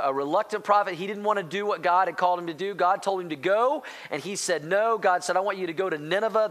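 High-voiced, animated preacher man. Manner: animated, rising to near-shouting excitement; addresses congregation directly as church. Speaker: pastor. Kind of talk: sermon.

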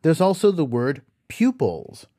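A man narrates a language lesson for his podcast, his pitch moving in a lively, animated way. He speaks slowly and deliberately, spelling out words letter by letter. The recording is dry and close, with no room sound. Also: dry recording. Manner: slow, careful explaining, spelling words out letter by letter. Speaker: podcast host. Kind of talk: scripted educational narration.

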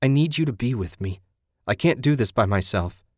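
A man's voice: mid-range voice, animated, normal speed, dry recording, clean studio sound, natural voice. A man voicing a desperate husband who hollers and pants as he fights. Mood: urgent. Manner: hollering, panting.

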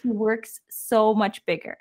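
A woman's voice: mid-range voice, fairly even intonation, unhurried, darkish tone. A young adult woman, a daughter and podcast guest, speaking earnestly about faith and family, with many "like" fillers. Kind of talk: reflective conversational sharing.

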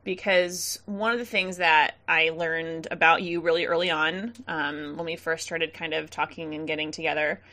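A woman's voice: deep voice, steady tone, normal speed, hardly any pauses, sharp tone. A woman co-hosting a casual podcast interview, chatty and loose, with frequent ums and laughs. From central Massachusetts. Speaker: podcast co-host.

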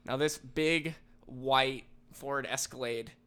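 A man co-hosting a casual podcast, telling a story with lively acted-out quotes. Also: mid-range voice, slow, clear, resonant tone. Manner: animated, acts out quoted people in raised voices. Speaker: podcast co-host.

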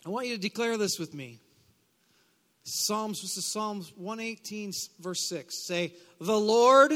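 A man preaching a live sermon as pastor, leading call-and-response declarations with chatty asides and bursts of shouting. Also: sits high, moderate pace. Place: church sanctuary. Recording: long hall reverb.

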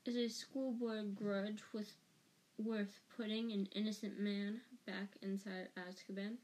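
A woman voicing a calm, earnest male teacher in an audiobook reading, speaking softly and urgently. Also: medium pitch, unhurried, natural voice, low-quality recording. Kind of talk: audiobook character voice.

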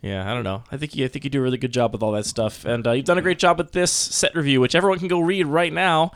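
A man's voice: medium pitch, fast talker, clear, resonant tone, no echo. A man hosting a podcast, chatting casually with many fillers. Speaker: podcast host. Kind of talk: casual chat.

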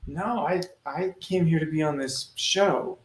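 A woman voicing a literal-minded, deadpan man who answers questions too precisely. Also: low-pitched, a little slow, roomy sound.

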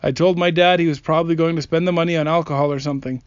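A man's voice: a little high, fairly even intonation, rapid-fire, clear, resonant tone, no echo. A man earnestly reading aloud stories from comments and adding his own remarks, with small slips and restarts now and then. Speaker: narrator reading viewer comments. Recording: dry, slightly dull lo-fi recording.

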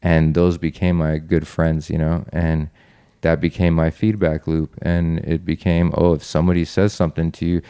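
A man's voice: extremely low pitch, level tone, moderate pace, mellow, smooth, no room sound, clean studio sound. A young man guest on a podcast, earnestly reflecting on his past in a personal story, with frequent ums and restarts.

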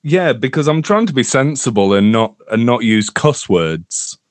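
A man co-hosts a casual podcast, chiming in with short remarks. His voice sits at an ordinary pitch. The recording is dry, with no room sound. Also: animated, moderate pace, no echo. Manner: brief interjections and easy laughter. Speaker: podcast co-host.

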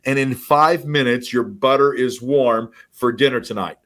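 A man speaking as a podcast guest who coaches real estate agents, telling stories with lively acted-out dialogue. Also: mid-range voice, moderate pace. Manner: animated storyteller, acts out quoted dialogue. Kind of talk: casual podcast conversation.

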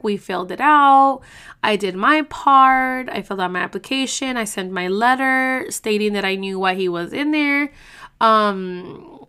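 Young woman, podcast host, bright edge to the voice, loose and profane storyteller. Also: medium pitch, clean tone. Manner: profane, blunt, chatty. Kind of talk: casual storytelling.

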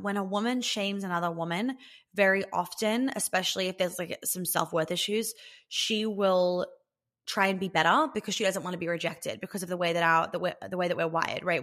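This podcast host, a relationship coach, has a lowish voice with a fairly bright tone. She chats bluntly and casually, curses without holding back, and peppers everything with "like."

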